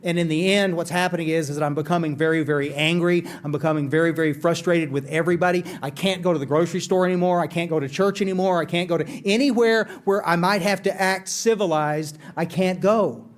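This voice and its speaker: Candid high-voiced man. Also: fairly even intonation, quick pace, few pauses. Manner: candid storytelling, addresses audience directly, self-deprecating. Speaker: AA speaker. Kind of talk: recovery talk. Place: conference hall.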